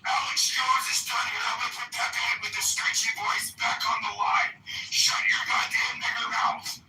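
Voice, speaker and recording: A man heckling in an online voice chat room with a crude, erratic, yelling rant. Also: very high voice, fairly even intonation, moderate pace. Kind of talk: shouted trolling rant. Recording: roomy distant audio with music behind.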